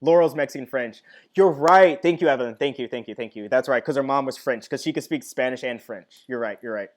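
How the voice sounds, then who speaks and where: A young man hosting a live stream, chatting casually and reading viewer comments aloud with lively enthusiasm. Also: medium pitch, a little fast. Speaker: live-stream host reacting to a TV finale.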